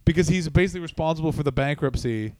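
A man's voice: a little high, fast, darkish tone, slight background noise. A young man co-hosting a casual podcast from a living room, teasing his friend and swearing as he jokes. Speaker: podcast co-host.

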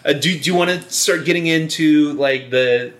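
A man's voice: a little high, moderate pace, a bit bright. A man co-hosting a podcast in casual chat, rambling and swearing freely. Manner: rambling, swears freely, playful mock quotes. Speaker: podcast co-host.

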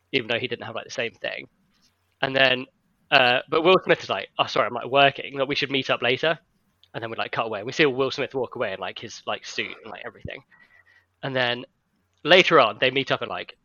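A man's voice: mid-range voice, sharp tone, dry recording, dull audio. A man in casual chat with friends, retelling a film plot in a rambling way with lots of "like". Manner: rambling storytelling, heavy use of "like".

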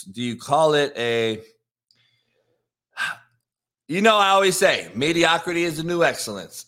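A man's voice: medium pitch, a bit bright. Brash, profane male sports show host. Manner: brash, swears freely, hypes upcoming segments.

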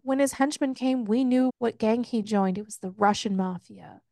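A woman co-hosting a casual book podcast, retelling a plot with lots of swearing and quick put-on quotes of the characters. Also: on the high side, gravelly, dark tone, no echo. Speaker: podcast co-host. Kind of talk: casual book-review chat.

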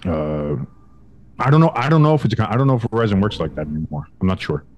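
A young man co-hosting a sports podcast, telling a story in casual chat, acting out quotes with big swings in pitch and some swearing. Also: big pitch swings, fast, darkish tone, highs cut off, a little hiss or hum. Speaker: podcast co-host.

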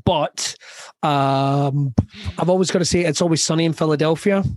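A Scottish comedian in his forties talks in loose, rambling bursts, swearing freely and laughing through his own stories. His voice sits a little high for a man. The sound is close and completely dry. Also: fairly even intonation, normal speed, darkish tone, dry recording. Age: 40s. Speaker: comedian guest. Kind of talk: casual podcast chat.

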